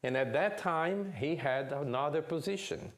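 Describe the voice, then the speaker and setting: A man giving a lecture at a spiritist center, telling a family story with lively delivery and often asking "okay?". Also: fairly high pitch, normal speed. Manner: animated storyteller, checks in with "okay?".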